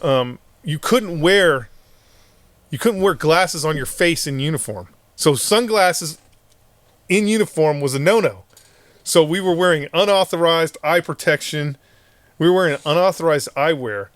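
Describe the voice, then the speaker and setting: A middle-aged man swaps profane stories as a podcast host, a touch higher in pitch than most men. He laughs often and slips into quick impressions of the people in his tale. The sound is dry and close, with no room around it. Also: animated, no echo. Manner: profane, laughing, acts out quotes of others. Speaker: podcast host, former Marine. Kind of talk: casual storytelling.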